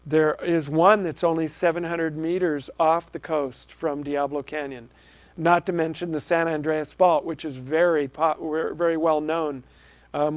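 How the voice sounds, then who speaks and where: Seorang pria memandu acara TV komunitas lokal, berbicara santai tanpa naskah, dengan nada sungguh-sungguh dan banyak "um" serta ulangan kata. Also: male voice, fairly high pitch, dry recording. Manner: earnest, with frequent ums and restarts. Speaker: host of a local access TV show. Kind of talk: casual unscripted talk to camera.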